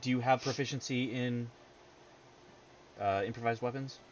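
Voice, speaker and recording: A man's voice: medium pitch, fairly even intonation, normal speed, a little hiss or hum. A man running a tabletop game as game master, laid-back and laughing often, with many fillers. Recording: dull lo-fi stream audio with faint music.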